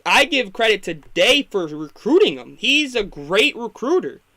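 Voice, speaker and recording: A young man talks through a college football game as it plays, rambling and opinionated. His bright, slightly high voice climbs and gets louder as he calls out a bad coaching choice. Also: sing-song, a little slow. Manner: opinionated, rambling, fired up when critiquing. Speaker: sports talk host. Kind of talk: casual live football reaction.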